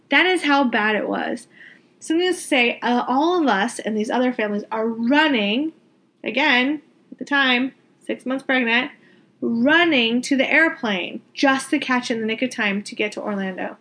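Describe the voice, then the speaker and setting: A woman's voice: on the high side, normal speed. A woman telling a story casually, exasperated and venting, swearing freely and repeating words for emphasis. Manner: animated, emphatic repetition. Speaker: vlogger telling a travel story.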